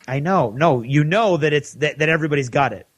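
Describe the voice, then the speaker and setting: A man co-hosting a podcast who gives an animated recap of a TV episode and acts out the characters' lines. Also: fairly high pitch, fairly quick, no echo. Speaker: podcast co-host.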